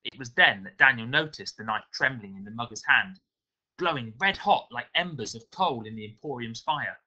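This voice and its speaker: A male teacher reads a novel aloud to his pupils with expressive storytelling. His voice is very bright and lively, rising and falling with the tale. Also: mid-range voice, normal speed, rough recording. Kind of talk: reading a novel aloud to a class.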